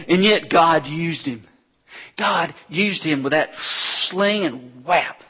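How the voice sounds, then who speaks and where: A man preaching a sermon as a pastor, retelling scripture stories with animated delivery and acted-out voices of crowds. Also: a little high, slow, breathy edge. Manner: animated storytelling preacher, acting out crowds with shouts.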